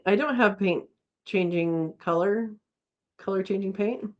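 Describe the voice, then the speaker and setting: A woman's voice: mid-range voice, unhurried. A woman hosting a casual live chat from home, reading viewer comments aloud and laughing often. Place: home, indoors.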